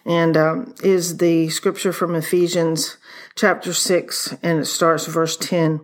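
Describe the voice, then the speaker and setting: A woman with a Southern US accent co-hosts a faith podcast and leads prayer and scripture in an earnest, prayerful tone. Her voice sits a touch low for a woman. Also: flat delivery, slow. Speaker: podcast co-host. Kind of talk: Christian podcast chat, prayer and scripture reading.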